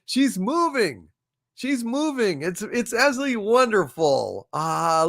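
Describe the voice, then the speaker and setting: A man hosting a casual livestream, reading viewer chats aloud and thanking viewers, effusive and apologetic, often halting with fillers. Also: high voice, big pitch swings, vocal fry, a bit bright. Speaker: livestream host. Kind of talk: casual live chat, reading super chats.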